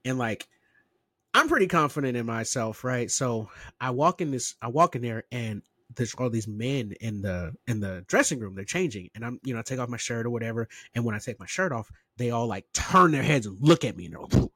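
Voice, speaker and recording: A man co-hosting a podcast, telling a story in a loose, rambling way, full of restarts and lively impressions. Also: mid-range voice, a little fast, slightly rough, dry recording. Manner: rambling, self-interrupting, animated impressions. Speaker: podcast co-host. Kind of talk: casual chat, storytelling.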